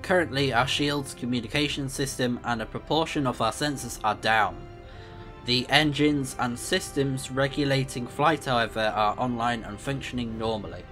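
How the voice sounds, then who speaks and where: Man voicing a dutiful starship AI, stiff formal delivery, mid-pitched, game dialogue read aloud. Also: moderate pace, sharp tone, faint music behind, natural voice. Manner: stiff, polite, formal reading with stumbles.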